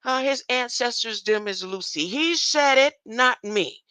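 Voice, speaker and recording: Older woman rambling with bright tone. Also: a little high, expressive, unhurried, smooth, dry recording. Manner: rambling, keeps asking "huh?", chuckles often. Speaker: online commentator. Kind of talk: rambling monologue.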